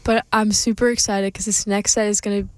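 A woman's voice: mid-range voice, little pitch movement, fairly quick, no echo, studio quality. A young woman hosting a college radio show, tired and sleepy, giggling and joking as she talks. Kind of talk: casual radio chat.

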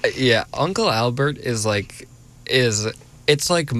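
A man's voice: mid-range voice, expressive, takes it slowly, a bit bright. A young man hosting a college radio show, chatting casually and rambling with lots of fillers. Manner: easygoing, rambling, filler-heavy.

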